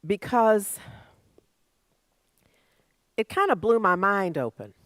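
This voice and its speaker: A woman's voice: medium pitch, lively intonation, slow pace, a bit bright, no echo. A woman minister giving a sermon, conversational at first and building to emphatic preaching.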